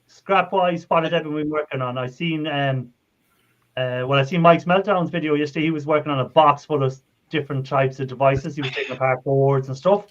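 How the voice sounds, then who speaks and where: A man's voice: a little high, steady tone, brisk. Chatty Irish man hosting a stream. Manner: rambling, friendly, laughs often. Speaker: livestream host. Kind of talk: casual live chat. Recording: dull lo-fi stream audio.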